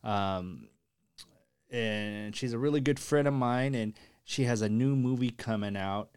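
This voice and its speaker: A man hosting a casual podcast chat, upbeat and rambling, giving enthusiastic shout-outs. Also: medium pitch, measured pace, clean tone, no room sound. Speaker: podcast host.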